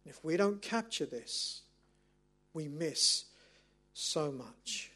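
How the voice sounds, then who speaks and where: High-voiced preacher telling stories. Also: male voice, slow pace. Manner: animated, self-mocking storyteller. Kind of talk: storytelling sermon.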